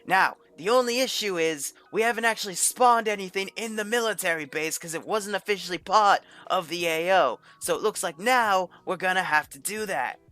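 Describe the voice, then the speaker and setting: A put-on Australian narrator, done by a man over his gameplay who talks like he is hosting a nature documentary. The voice sits well above his natural pitch and sounds bright and forward. It keeps an over-earnest, excited narrating tone throughout. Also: normal speed, hardly any pauses, faint music behind. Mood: mock-earnest.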